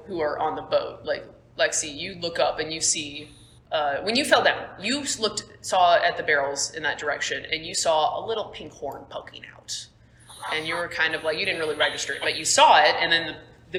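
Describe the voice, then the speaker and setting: A woman's voice: low-pitched, bright, forceful tone, slight background noise. A young woman running a tabletop game as game master, narrating casually with lots of fillers. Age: young adult. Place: school room. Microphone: phone on table. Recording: echoey room, phone mic.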